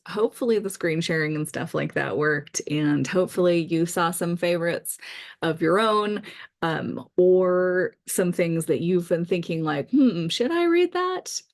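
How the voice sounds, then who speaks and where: A middle-aged woman talks casually and eagerly about the books she means to read, gushing over favorites. Her voice sits somewhat low for a woman. She pauses often with little fillers as she goes. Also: darkish tone. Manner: enthusiastic, chatty with frequent fillers. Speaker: author vlogger. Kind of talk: casual book-list vlog.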